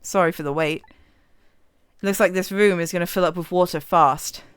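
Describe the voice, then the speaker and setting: A woman voicing a calm male ghost as she reads game dialogue aloud, low and matter-of-fact. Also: moderate pace, smooth, soft background music, close to an everyday voice. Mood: steady.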